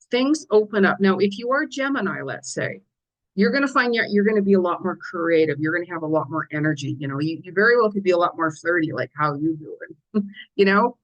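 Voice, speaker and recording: A middle-aged woman psychic delivers her weekly forecast in a relaxed, chatty style, with a lowish voice on dull-sounding audio. She's animated, keeps breaking into little quoted asides she acts out, and often restarts her sentences, like casual conversation.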